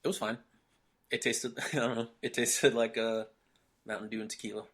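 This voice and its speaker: A man's voice: mid-range voice, flat delivery, normal speed, fairly bright tone, slightly rough. A young man hosting a casual podcast chat, laid-back and joking, laughing often. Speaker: podcast host.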